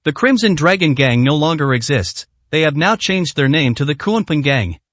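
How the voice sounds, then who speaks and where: Cocky young security guy, laid back and proud, read by a man, bit high voice. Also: big pitch swings, moderate pace, a bit bright, no echo. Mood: nonchalant. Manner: nonchalant, proud.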